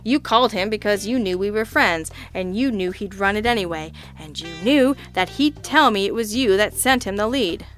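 A woman's voice: medium pitch, moderate pace, hardly any pauses, a bit bright, faint music behind, lightly acted. A woman voicing a wisecracking, easygoing male private detective who delivers dry, flippant quips in an audiobook. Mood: pointed. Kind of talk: audiobook character voice.

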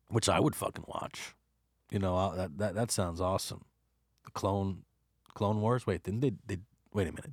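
A man's voice: fairly low pitch, dry recording, clean studio sound. Profane, ranting male movie reviewer. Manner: animated, swearing, mock-hostile, laughs often. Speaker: film reviewer.

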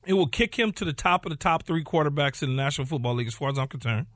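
A man's voice: a little high, expressive, racing, a bit bright, dry recording, clean studio sound. A man co-hosting a sports radio show, arguing his point emphatically and repeating phrases to hold the floor. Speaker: co-host.

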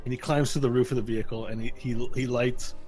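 A man running a tabletop game as game master, narrating in a rambling, animated way with restarts. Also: mid-range voice, fast, soft background music, low-quality recording.

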